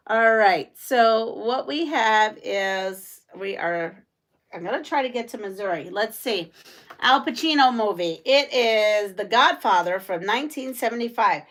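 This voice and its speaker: A woman from the United States chats through a morning quilting live stream in a slightly high voice. She talks slowly and laughs often as she reads viewer comments aloud. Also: lively intonation, a bit bright. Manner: chatty, laughs often, amused.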